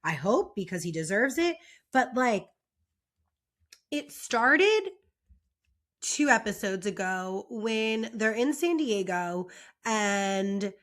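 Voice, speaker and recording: A young woman talking casually and at length, her speech full of fillers. She sounds exasperated and opinionated, and her voice sits at an ordinary middle pitch. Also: very animated, slow pace, pauses often, fairly bright tone. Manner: chatty, frequent "like" fillers, exasperated. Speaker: reality TV commentator.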